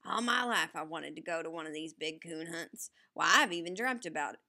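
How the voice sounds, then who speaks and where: A woman reading the part of a kindly, excitable old grandfather with folksy country talk, in an audiobook. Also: low-pitched, fairly quick, vocal fry, heavily acted. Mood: excited.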